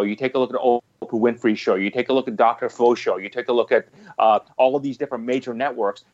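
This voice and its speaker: Guy pitching his business in an interview, keeps repeating himself, kinda muffled audio. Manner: emphatic, repeats phrases and restarts often. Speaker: guest, business owner. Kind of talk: interview answers.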